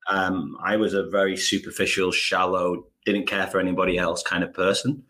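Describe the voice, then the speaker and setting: A northern English man appears as a podcast guest in a conversational interview, friendly and reflective, calling people mate. His voice sits low, delivered flatly at a moderate pace with a pushed, bright quality.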